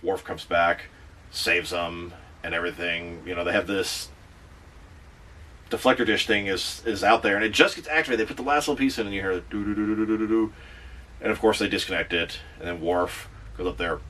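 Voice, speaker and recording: A man with a very low voice gives a casual, animated movie recap, tossing in quick asides. He sits a little back from the microphone, so his voice sounds slightly distant. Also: slight background noise. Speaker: movie reviewer.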